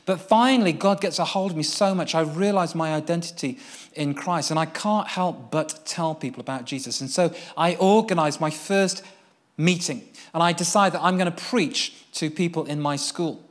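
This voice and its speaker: A man's voice: on the high side, moderate pace. Earnest man preaching a testimony. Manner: earnest storytelling, swinging from excited to hushed. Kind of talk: personal testimony sermon.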